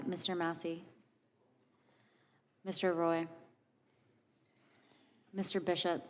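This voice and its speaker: A woman clerk calling the roll in a committee hearing, in a flat, measured, repetitive way. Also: lowish voice. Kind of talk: roll call reading. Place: large hearing room. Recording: distant voice with long hall reverb.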